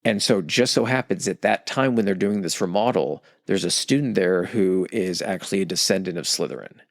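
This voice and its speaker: A man's voice: sits low, brisk, gravelly, dry recording, studio quality. Casual, profane podcast man. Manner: rambling, profane, acts out quoted characters. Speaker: podcast co-host explaining history.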